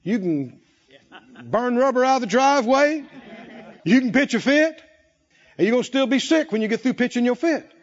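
A man's voice: very high-pitched, animated, moderate pace, pauses often, muffled recording. A man preaching a sermon, telling stories dramatically and acting out the voices of the people in them. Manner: dramatic storytelling, acting out voices, shouting peaks.

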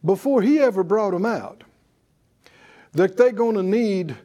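A man's voice: high-pitched, expressive, measured pace, warm tone, dull audio. A man teaching a Bible class in sermon style, folksy, with chuckles and rhetorical questions. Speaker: preacher and teacher.

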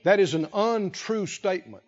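A male pastor preaching a sermon, speaking slowly and with emphasis, pausing to let the congregation fill in key words. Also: high voice, lively intonation. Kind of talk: sermon with call-and-response. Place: church sanctuary. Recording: lo-fi with long hall reverb.

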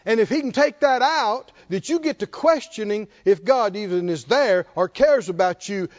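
High-voiced animated man preaching. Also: normal speed, muffled recording. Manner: animated call-and-response preaching, chuckling often. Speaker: pastor. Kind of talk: sermon.

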